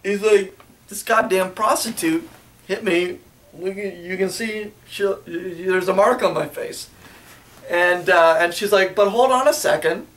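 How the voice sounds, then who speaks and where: Young guy rambling crude, pretty high voice, mic a bit far off. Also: unhurried, fairly bright tone. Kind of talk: casual comedic retelling.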